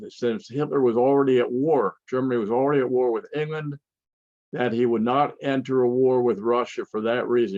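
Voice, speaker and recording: Older man lecturing, gravelly and halting. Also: medium pitch, a little mellow, dry recording, dull audio. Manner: halting, with frequent restarts and fillers. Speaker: conference speaker. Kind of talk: lecture with slides.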